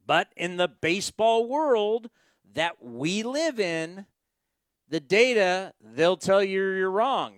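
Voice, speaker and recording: High-voiced ranting radio sports host. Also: male voice, expressive, slow, a bit bright, smooth, dry recording, clean studio sound. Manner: ranting, sarcastic, emphatic. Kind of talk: post-game radio talk.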